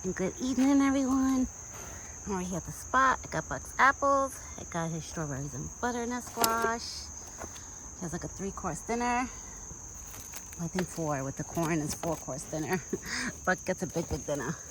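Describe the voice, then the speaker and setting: A woman's voice: on the low side, animated, normal speed, background noise. A young woman vlogging casually outdoors at a rural feeding spot, filming on a handheld phone. She chats in a rambling way and goes sing-song when she talks to the deer. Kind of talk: casual vlog chat. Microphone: phone held in hand.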